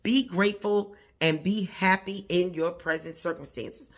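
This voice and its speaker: A woman with a lowish, steady voice speaks a little slowly as she hosts a plant channel. She talks casually and encouragingly to her viewers in a motivational way, repeating phrases for emphasis and chuckling often mid-sentence.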